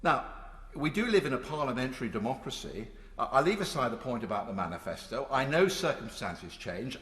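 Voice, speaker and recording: A man's voice: medium pitch, sharp tone. A man in his sixties giving an emphatic, rhetorical parliamentary speech with touches of dry sarcasm. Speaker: member of parliament. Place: large debating chamber. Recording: echoey chamber with long reverb.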